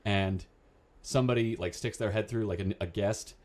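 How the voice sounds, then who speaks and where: A man hosting a casual podcast, talking in quick, profane banter. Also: lowish voice, a little mellow. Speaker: podcast host. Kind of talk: casual chat.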